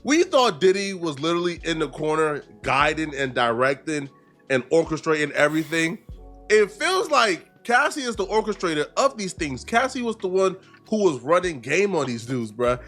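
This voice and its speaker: High-pitched dude reacting to a clip, slangy and emphatic, music faint behind. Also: male voice, expressive, normal speed, a bit bright. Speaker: reaction show host. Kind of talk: casual commentary.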